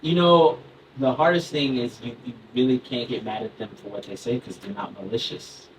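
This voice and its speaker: A man's voice: medium pitch, steady tone, normal speed. A man in his thirties doing a stand-up comedy set, chatty and loose, laughing into his lines and talking with the crowd. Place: comedy club stage. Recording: distant mic in a noisy club.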